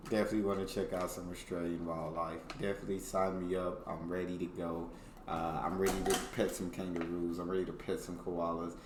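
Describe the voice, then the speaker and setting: Deep-voiced, laid-back American man. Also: flat delivery, fairly quick, noisy background. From United States. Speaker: reaction video host. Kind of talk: casual reaction commentary. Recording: echoey room with faint music.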